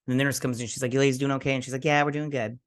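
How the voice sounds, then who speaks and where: A man's voice: medium pitch, little pitch movement, very fast. Young male host, casual episode recap, rambling storyteller, mid-range voice. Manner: rambling retelling, quoting characters with "he's like". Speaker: show host.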